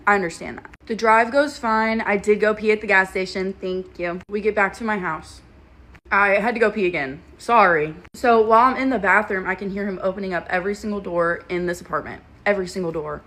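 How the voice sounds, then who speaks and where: A woman's voice: mid-range voice, fairly bright tone. A woman, telling a story in a blunt, sarcastic and profane casual storytime vlog. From Kentucky, US.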